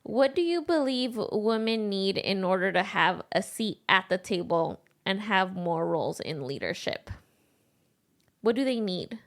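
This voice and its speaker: A woman hosting a podcast, talking in long energetic run-on thoughts with plenty of fillers. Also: medium pitch, measured pace. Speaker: podcast host. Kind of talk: casual conversation.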